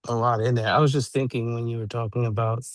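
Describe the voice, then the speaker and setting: A man with a flat, even delivery shares at a recovery meeting. He sounds relaxed and pauses to find his words. His voice is recorded dry, with no room sound. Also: medium pitch, no echo. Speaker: meeting member.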